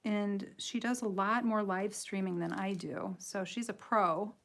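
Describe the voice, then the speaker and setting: A woman's voice: mid-range voice, fairly even intonation, unhurried, vocal fry, fairly bright tone. Chatty Michigan woman coloring live. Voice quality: nasal. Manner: chatty, giggly, self-deprecating, rambling. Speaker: livestream host and coloring artist. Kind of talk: casual tutorial chat while coloring.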